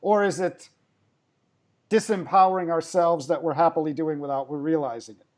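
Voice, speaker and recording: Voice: medium pitch, moderate pace. A podcast host asking long, searching questions, with lots of "I guess" and "you know" fillers. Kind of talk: podcast interview.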